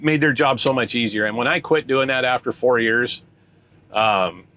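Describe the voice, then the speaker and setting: An older man spins a long, rambling story from his trucking days. He talks in a chatty, conversational way, often stopping mid-sentence to start over. His voice sits at an ordinary middle pitch. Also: normal speed, sharp tone, a little hiss or hum. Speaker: truck driver vlogger. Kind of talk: casual storytelling.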